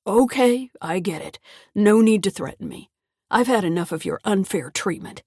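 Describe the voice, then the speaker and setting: A woman voicing a gruff, bullying older grandfather with a violent temper, barking commands in a dry, close recording. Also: medium pitch, lively intonation, normal speed, dark tone, no room sound. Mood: pushy.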